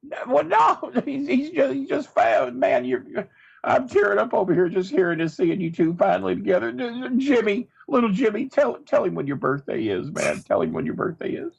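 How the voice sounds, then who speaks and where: A man's voice: sits high, sing-song, fairly quick, creaky, breathy edge, lo-fi sound. A man guesting on a comedy podcast, talking in a theatrical, announcer-like, mock-sentimental way.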